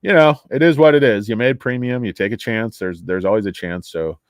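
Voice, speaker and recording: A man's voice: fairly low pitch, fairly quick, no room sound, studio quality. A man hosting a casual stock livestream, rambling, joking and swearing as he reads viewer comments aloud.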